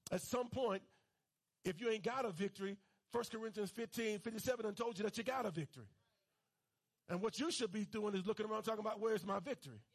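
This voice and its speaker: Male pastor, very high husky voice, fervent call-and-response preaching. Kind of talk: sermon.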